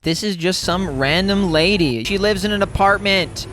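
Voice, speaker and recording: A man's voice: high-pitched, normal speed, over music. Sarcastic, mocking young man commentator. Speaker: commentary vlogger.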